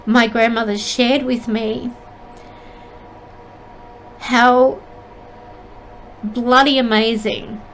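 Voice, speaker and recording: A middle-aged woman, a spiritual medium, telling a personal story in an earnest, halting and emotional way. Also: on the high side, level tone, fairly bright tone, a little hiss or hum, rough recording. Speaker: spiritual medium and channel host.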